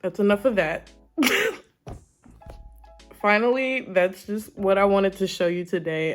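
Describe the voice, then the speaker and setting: Chatty, dramatic woman commentator. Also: on the low side. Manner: chatty and dramatic, laughs often. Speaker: YouTube commentator. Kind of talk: casual reaction commentary.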